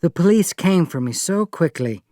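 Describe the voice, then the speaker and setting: A woman reader voicing an impulsive, fragile young woman, raising her voice high and pleading in an audiobook. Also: lively intonation, normal speed, mellow, dry recording, clean studio sound, close to an everyday voice. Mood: breathless. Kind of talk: audiobook reading.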